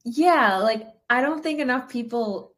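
Woman hosting a podcast, chatty, laughs a lot, excited about the guest's story. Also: a little high, measured pace. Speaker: podcast host. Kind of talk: casual interview chat.

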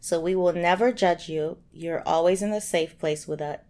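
A woman's voice: fairly low pitch, moderate pace, darkish tone. An American woman co-hosting a podcast in casual chat, playful and teasing, often joking and laughing. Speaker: podcast co-host.

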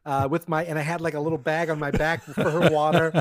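A man's voice: a little high, flat delivery, fast talker, no echo. A middle-aged man, co-hosting a podcast and telling funny stories in casual chat. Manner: joking storyteller, acts out quotes. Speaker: podcast co-host.

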